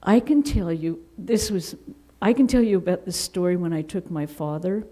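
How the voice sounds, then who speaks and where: A woman from Seattle who is a nun, telling lively anecdotes in an interview and acting out quotes. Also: fairly low pitch, normal speed, low-quality recording. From Seattle, United States. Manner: animated, with laughter and acted-out quotes. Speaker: Vedanta nun.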